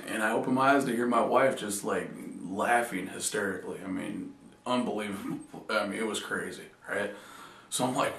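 A man's voice: medium pitch, normal speed, a bit bright. A man talking casually to camera, telling a funny story in a loose, joking way. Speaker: vlogger. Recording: echoey room, distant mic.

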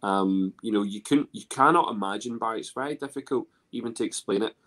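A man's voice: fairly low pitch, fast, fairly bright tone. A man with a Scottish accent chatting casually on a video call, rambling with many restarts and fillers. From Scotland. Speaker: guest. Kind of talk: casual chat.

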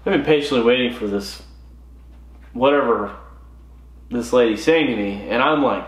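A man from California hosting a golf podcast, telling stories in an animated, profane rant. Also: mid-range voice, normal speed, pauses often, echoey room. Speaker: podcast host. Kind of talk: ranting golf podcast monologue.

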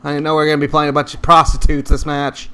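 A man giving loose, rambling live commentary over his own multiplayer match, excitable and full of profane, jokey trash talk. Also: fairly high pitch, racing, slight background noise. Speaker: gaming commentator.

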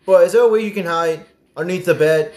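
A young man commentating a horror game as he plays, excitable and prone to sudden yelps and swearing. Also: high voice, quick pace, reverberant. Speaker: gaming streamer. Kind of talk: gameplay commentary.

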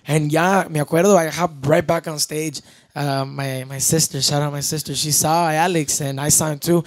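Young man, slightly high voice, relaxed swearing storyteller, Spanish-English mix. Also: a little fast. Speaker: podcast guest, band member. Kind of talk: casual storytelling.

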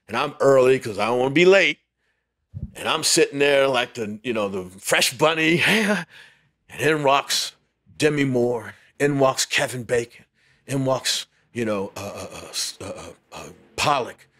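A man telling a lively story as a podcast guest, laughing often and acting out what others said. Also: mid-range voice. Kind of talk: storytelling interview.

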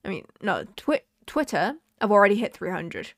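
A woman's voice: medium pitch, sing-song, moderate pace, gravelly, dry recording, clean studio sound. A woman streamer chatting casually while she draws, rambling along and swearing now and then.

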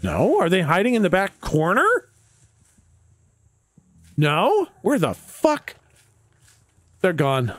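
Canadian male streamer, higher voice, casual and chatty with chat, unhurried delivery. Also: huge pitch swings. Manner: laid-back, chatty, frequent laughs and swearing.

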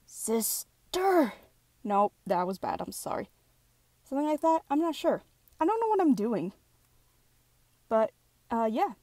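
A woman's voice: on the high side, sing-song, moderate pace, long pauses, warm tone, no echo. A woman chatting casually between takes as a fan voice actor, apologetic and self-deprecating, rambling as she goes. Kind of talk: casual recording-session chatter.

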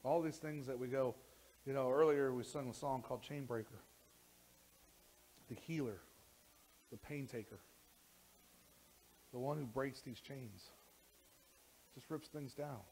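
A man preaching a sermon as pastor in a church, animated, with frequent repeated words and restarts, sometimes rising close to a shout. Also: mid-range voice, measured pace, long pauses, slight background noise, low-quality recording. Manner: animated, rising to near shouting when worked up.

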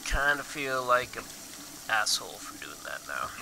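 A man's voice: medium pitch, big pitch swings, normal speed, gravelly, background noise. A young man casually commenting while he plays a video game, swearing often and joking to himself. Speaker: gaming channel host. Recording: game music playing behind.

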